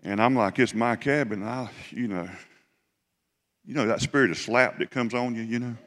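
A middle-aged man preaching, telling a personal story in a folksy, halting way with many restarts. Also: mid-range voice, a bit bright. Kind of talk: sermon storytelling.

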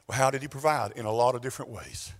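A man with a Southern US accent, a pastor preaching a sermon in a church, telling stories in an animated way that swings between exclamations and quiet asides. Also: medium pitch, quick pace.

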